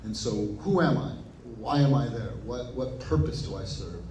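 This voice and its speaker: A man being interviewed as an actor guest, telling stories animatedly and acting out his own past thoughts in quick asides. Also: medium pitch, animated, a crowd in the background. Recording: roomy echo, picked up from a distance.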